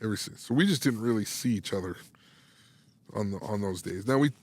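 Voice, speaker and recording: Recounting a story in a laid-back podcast interview, this thirty-something sports psychology coach keeps restarting phrases and voicing the quoted lines with energy. His voice is on the low side and a little fast.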